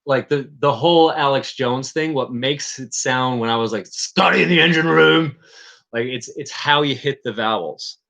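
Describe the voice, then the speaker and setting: Man from Newfoundland, casual stream chat, bright forward tone, halting and rambling delivery. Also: medium pitch. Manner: rambling, halting, with frequent restarts and chuckles.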